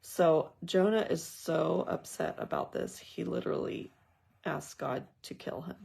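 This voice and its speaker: A woman's voice: deep voice, a little slow, gravelly, darkish tone, husky. A woman leading a casual Bible study. She reads scripture aloud and then talks through it in a thoughtful, conversational way with personal asides. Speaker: Bible journaling teacher.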